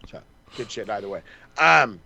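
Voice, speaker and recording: A man co-hosting a podcast, recapping wrestling in a casual, animated and profane way, acting out the wrestlers' lines. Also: lowish voice, moderate pace, gravelly, no echo, dull audio. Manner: animated, swears a lot, acts out wrestlers' lines. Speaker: podcast co-host.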